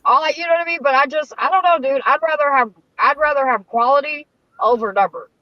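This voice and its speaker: A woman's voice: high-pitched, quick pace, no room sound, muffled recording. A woman hosting a casual livestream, blunt and profane in how she talks. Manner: blunt and profane, plain-spoken. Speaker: host.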